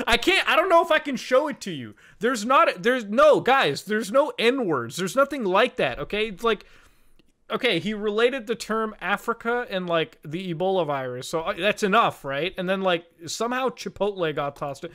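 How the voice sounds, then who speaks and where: Excitable, lively young male streamer. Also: high-pitched, normal speed. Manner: profane, excitable, laughs often. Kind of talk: casual livestream chat.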